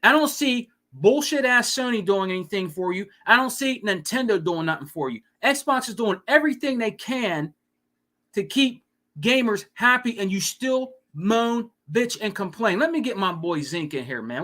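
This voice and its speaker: A man's voice: sits high, lively intonation, moderate pace, bright, forceful tone. A man hosting a casual live stream, ranting and swearing, with lots of "you know what I mean.". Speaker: podcast host.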